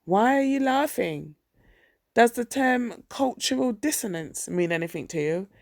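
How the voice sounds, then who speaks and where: An anxious, puzzled office woman with a high, whiny voice, as a woman reading the audiobook puts her on. The voice has a gravelly edge and sounds dry and close. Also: animated, unhurried, a little mellow, no room sound.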